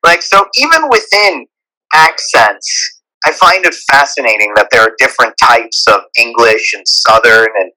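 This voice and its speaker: A man's voice: medium pitch, a little slow, bright, forceful tone, poor audio. A man with a Persian accent who talks in a rambling, earnest way and often restarts his sentences in a casual live audio chat. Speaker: guest speaker.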